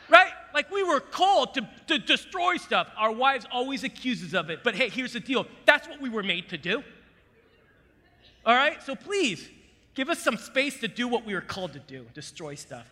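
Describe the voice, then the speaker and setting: High, bright-voiced man storytelling in an echoing hall. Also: moderate pace. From United States. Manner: animated, swings between hushed asides and loud punchy bursts. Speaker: military veteran speaker. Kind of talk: motivational storytelling talk to a live audience. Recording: echoey hall with long reverb.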